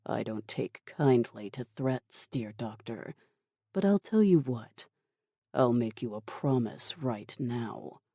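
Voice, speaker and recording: A ruthless male commander, voiced by an audiobook narrator, delivering threats in a slow, dark, dry tone. He stays calm and cold and never needs to raise his voice. The cruelty sits in the quiet, dismissive way he talks. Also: medium pitch, dry recording. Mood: menacing.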